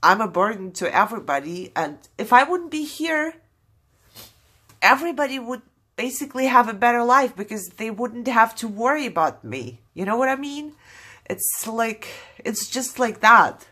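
Tearful woman, bright tone, candid and apologetic, swinging up and down. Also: on the high side, very animated, moderate pace, husky. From Germany. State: fighting back tears. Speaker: craft vlogger opening mail. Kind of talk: casual voice-over while opening mail.

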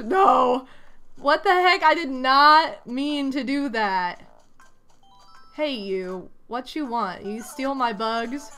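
Bright-voiced woman streamer, slow-talking. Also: sits high. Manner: reads villager lines aloud, bursts into loud exasperated outcries. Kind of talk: casual gameplay commentary.

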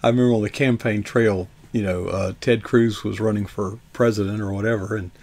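Gravelly-voiced man reminiscing as host. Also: lowish voice, steady tone, a little fast, a little mellow. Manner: rambling reminiscing storyteller. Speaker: show host. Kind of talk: casual interview chat.

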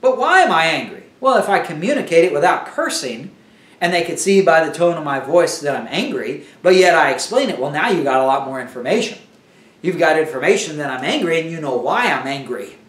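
A man's voice: a little high, big pitch swings, brisk, roomy sound, recorded from a distance. A man teaching a Bible lesson in a conversational sermon style, often restarting his sentences.

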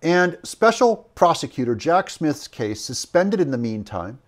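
A man's voice: fairly high pitch, very animated, a little slow. A man giving opinionated political commentary, rambling with fillers and self-corrections. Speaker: political commentator in a played clip.

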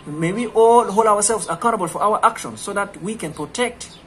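A man's voice: high voice, fairly quick, fairly bright tone. A man with an East African accent giving an impassioned, rhetorical speech full of repeated questions. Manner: rhetorical, repetitive, preacherly. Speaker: speaker.

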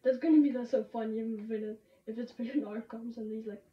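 A woman streaming a game, chatting excitably with sudden shouts and laughs. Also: on the high side, a little fast. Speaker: gamer streaming a match. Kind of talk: excited gaming commentary. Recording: roomy, distant, dull lo-fi sound with faint noise.

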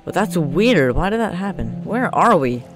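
A young man talks through his gameplay in an excitable, joking way, often shouting out at the creatures he fights. His voice sits a bit high for a man. Game music plays clearly behind him. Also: normal speed. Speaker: gamer. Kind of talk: let's play commentary.

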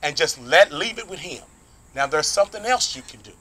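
Animated, bright-voiced man preaching outdoors. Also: fairly high pitch, a little fast. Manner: animated, folksy preaching with call-and-response asides. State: sweating in the heat. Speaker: pastor. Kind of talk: sermon.

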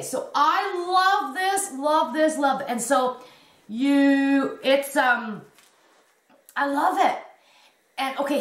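A rambling, chatty woman in her fifties shows off her crochet from home and talks slowly with many restarts. Her voice sits a little high, and the room around her is echoey. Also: fairly bright tone. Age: 50s. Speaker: crochet vlogger. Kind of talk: casual show-and-tell chat.

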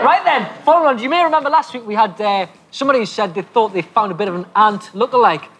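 A man co-hosting a live children's TV show, reading out viewers' letters and teasing his partner with deadpan jokes. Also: sits high, fairly quick, noisy background. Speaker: children's TV co-host. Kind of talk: playful live studio banter. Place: TV studio.

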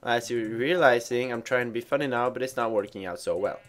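A man's voice: mid-range voice, brisk, hardly any pauses. A man giving casual let's play commentary while he plays, rambling and mocking himself with stumbling restarts. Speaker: gamer.

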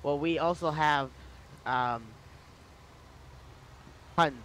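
Halting young man telling a story. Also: fairly high pitch, a bit bright, slight background noise, rough recording. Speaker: co-streamer. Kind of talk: casual chat on a livestream.

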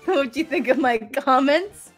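A woman's voice: high-pitched, unhurried, over music. A woman playing on a gaming stream, giggling a lot and playfully flustered as she chats. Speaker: co-player on stream. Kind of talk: casual gaming stream chat.

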